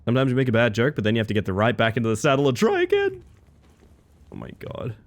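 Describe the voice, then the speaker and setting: Man, livestreamer, casual chat with viewers, playful, very lively pitch. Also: quick pace. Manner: playful, excitable, talks to chat. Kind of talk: casual live-stream chat.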